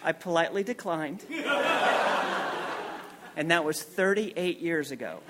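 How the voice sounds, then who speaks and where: Guy in his 40s doing a funny true story at a story night, lively, plays all the people himself. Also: on the high side, a little slow, pauses often, a loud crowd, very noisy. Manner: self-mocking and comic. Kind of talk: live personal storytelling. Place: stage at a story night event.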